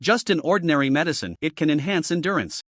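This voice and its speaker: A calm young man of about twenty, offhand and unbothered, as a male narrator voices him. His slightly high voice moves lively up and down, recorded close and dry. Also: quick pace, no echo. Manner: casual, offhand.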